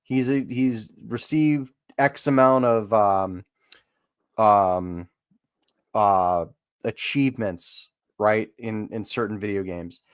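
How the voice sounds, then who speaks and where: A man in casual chat, reading out news headlines and talking in a hesitant, halting way with many fillers. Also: on the low side, smooth, no room sound, studio quality.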